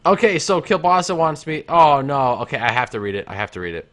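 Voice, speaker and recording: Lively bright-voiced man. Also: on the high side, fairly quick. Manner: giggly, reads chat messages aloud, directs his co-host. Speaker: co-host reading viewer chat. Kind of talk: casual comedic stream chat.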